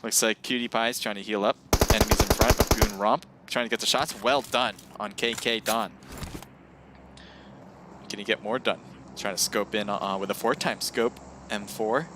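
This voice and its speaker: A man's voice: lowish voice, steady tone, moderate pace, background noise. A man casting a live mobile battle royale match, casual and chatty, laughing and getting worked up at close calls. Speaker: esports caster. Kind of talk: live game commentary.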